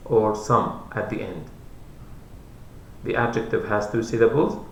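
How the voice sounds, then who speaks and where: A man teaching English grammar, explaining slowly and repeating each rule and example. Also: medium pitch, steady tone, fairly bright tone, lo-fi sound, a little hiss or hum. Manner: slow, repetitive, spells out letters. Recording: roomy echo.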